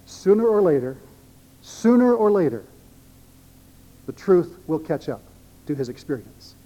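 A male pastor delivering a sermon in an emphatic way, repeating key phrases. His voice sits high for a man but sounds mellow and dark in tone. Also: big pitch swings, unhurried.

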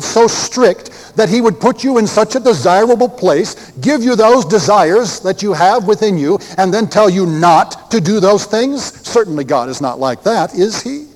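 A man voicing a crafty male serpent who coaxes and persuades in a smooth, mock-reasonable way. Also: high voice. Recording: long hall reverb.

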